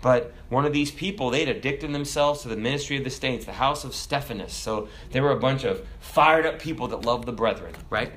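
A middle-aged pastor in the middle of a sermon, talking plainly and conversationally to his congregation. His voice is average in pitch for a man. He swings often from loud, raised bursts down to quiet, low asides. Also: a little fast, hardly any pauses, slight background noise. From America. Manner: animated storytelling preacher, jumps loud and high then drops soft.

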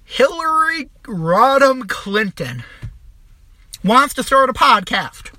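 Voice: sits high, big pitch swings, takes it slowly, pushed and bright, dry recording. A young adult podcast host delivering a crude, mocking comedic rant, swearing constantly and trailing off into restarts.

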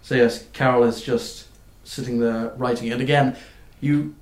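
A man narrating as game master of a tabletop game, halting and full of fillers. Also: mid-range voice, steady tone, reverberant. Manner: halting, with many fillers and restarts.

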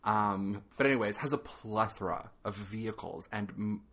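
A man's voice: fairly low pitch, normal speed, bright, forceful tone. A man co-hosting a podcast in casual chat, with dry, matter-of-fact remarks. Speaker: podcast co-host.

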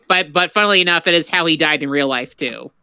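A man's voice: on the high side, fast talker, pushed and bright, clean tone, no echo. A man co-hosting a casual podcast, easygoing and a little hesitant. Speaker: podcast co-host.

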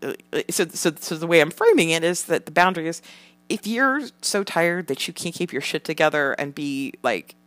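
A woman's voice: sits low, lively intonation, moderate pace, a bit bright, dry recording. A mother chatting casually about parenting, rambling with lots of fillers and the odd swear word. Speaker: parent sharing parenting tips. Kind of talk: casual chat.

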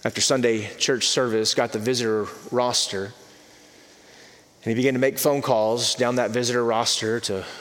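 A man preaching a sermon as pastor, earnest, repeating words and dropping softly for emphasis. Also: mid-range voice, fairly even intonation, unhurried, a little hiss or hum. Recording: long reverb of a large hall.

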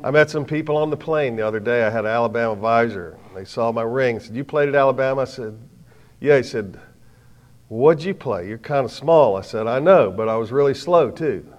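Middle-aged male preacher, mid-pitched voice, lively storyteller before a crowd, jokes at his own expense, drops to soft asides then punches lines out loud. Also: a little fast, a little hiss or hum. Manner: lively storytelling, swings from soft asides to loud bursts, self-mocking humor. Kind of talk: sermon. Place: before a live audience.

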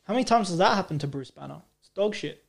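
High-voiced young man, joking podcast banter. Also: expressive, quick pace, gravelly. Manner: joking, argumentative, swears freely. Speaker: podcast co-host. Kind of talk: casual chat.

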